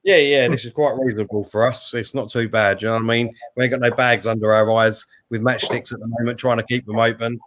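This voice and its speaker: A man's voice: medium pitch, steady tone, fast, few pauses, fairly bright tone, no room sound. A man hosting a casual live stream, chatting and greeting viewers by name. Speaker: host.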